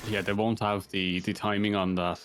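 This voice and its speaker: A man's voice: lowish voice, little pitch movement, normal speed, noisy background. A man casting a live esports match, rattling off play-by-play with rambling asides. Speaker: esports caster. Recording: music playing underneath.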